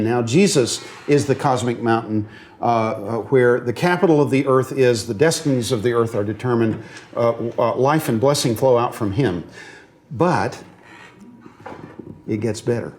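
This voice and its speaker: A male seminary professor delivers a classroom lecture in a mid-pitched voice. He speaks earnestly, pausing on fillers and restarting phrases, and keeps asking the class whether they follow. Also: a little mellow. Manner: checks understanding with the class often; earnest, grows emotional on moving points.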